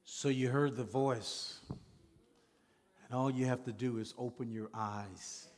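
A man's voice: mid-range voice, steady tone, slow pace, darkish tone, in a large hall. A man preaching a sermon as pastor, with an emphatic, repetitive cadence.

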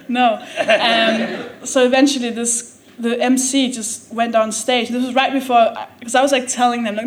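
A woman's voice: on the high side, steady tone, a little hiss or hum. A woman comedian from Denmark telling a funny story on stage, laughing often and acting out what people said. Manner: laughing often, quick asides, acts out quotes. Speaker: comedian guest. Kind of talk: comic storytelling on a live podcast. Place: theatre with a live audience. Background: audience laughter.

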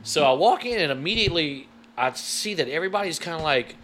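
Animated, profane male storyteller. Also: a little high, quick pace. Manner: animated, profane, swears freely. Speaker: guest. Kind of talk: casual storytelling.

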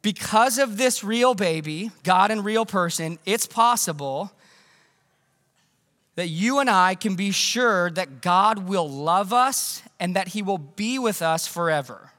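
Pastor, male, middle-aged; high, bright tone; casual but emphatic preaching; long church echo. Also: expressive, takes it slowly. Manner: conversational, emphatic, asks the congregation questions. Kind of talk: Christmas sermon. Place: church sanctuary.

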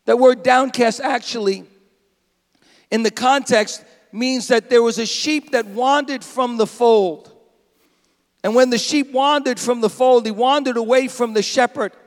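A man preaching a sermon as pastor, dramatic and animated, now and then acting out a bleating sheep. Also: very high-pitched, unhurried, big-room sound. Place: church sanctuary.

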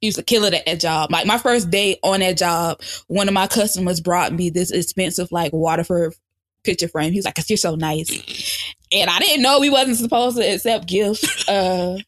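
A young adult woman chats loosely on a podcast, loud and lively. She swears freely and laughs often. The recording is dry and close. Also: on the low side, normal speed, no echo. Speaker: podcast co-host. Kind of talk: casual podcast chat.

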